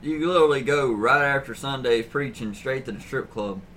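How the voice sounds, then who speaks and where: A man's voice: medium pitch, moderate pace, fairly bright tone. A man in casual comedy banter, teasing and laughing often.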